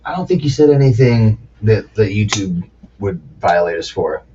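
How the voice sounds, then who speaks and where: A man's voice: fairly low pitch, expressive, normal speed, noisy background. A man hosting a casual podcast chat, speaking loosely with swearing and frequent laughter. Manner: casual, profane, laughs often. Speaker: podcast host. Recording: dull lo-fi sound.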